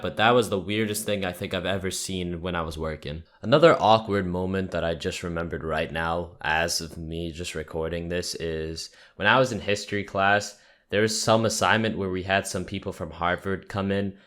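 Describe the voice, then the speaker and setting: A man's voice: low voice, a bit bright. A young man telling rambling, profane stories in a casual vlog, full of "like" fillers. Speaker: YouTuber.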